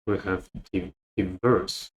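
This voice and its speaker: Man, vocabulary lesson, very slow pace, repeats words over and over. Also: deep voice, steady tone, low-quality recording. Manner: repeats words many times, thinking aloud. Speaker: English vocabulary teacher.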